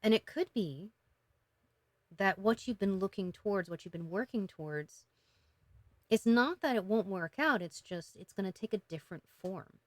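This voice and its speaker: A woman giving a casual, emotional tarot reading, talking gently with many fillers and restarts. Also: medium pitch, animated, moderate pace, no echo. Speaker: tarot reader.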